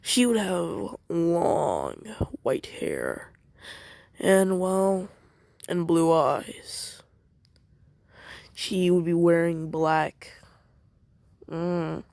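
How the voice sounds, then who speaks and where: A man's voice: on the high side, sing-song, extremely slow, gravelly, pauses often, darkish tone, no echo. A man improvising a fan story, rambling and hesitant, correcting himself as he goes and jumping between voices. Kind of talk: improvised fan fiction narration.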